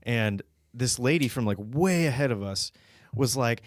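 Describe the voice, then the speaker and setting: A man chatting on a podcast at a middle pitch, relaxed and easygoing. He tells his stories by playing out the lines of the people in them. His voice is dry and close to the mic. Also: moderate pace, no echo. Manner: laid-back storytelling with acted-out quotes. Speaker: podcast co-host. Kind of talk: casual chat.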